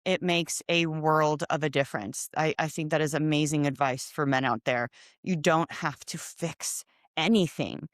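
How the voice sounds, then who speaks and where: A middle-aged woman hosting a podcast, telling a personal story in casual chat with expressive, animated delivery. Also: low-pitched, normal speed, no echo, studio quality. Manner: expressive, animated storytelling with lively quoted voices. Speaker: podcast host.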